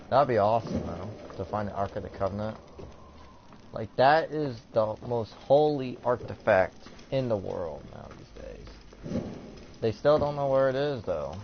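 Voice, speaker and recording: A teenage boy with a mid-range voice and lively intonation speaks at a measured pace, casually commentating his gameplay. He rambles with lots of fillers and reads game text aloud, recorded on a dull lo-fi mic with faint noise.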